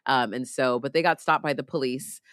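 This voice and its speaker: A woman's voice: very deep voice, fairly quick, a bit bright, clean tone, dry recording, studio quality. A woman co-hosting a podcast, casually retelling a movie plot in a chatty way with lots of filler words. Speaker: podcast co-host. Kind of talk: casual movie recap chat.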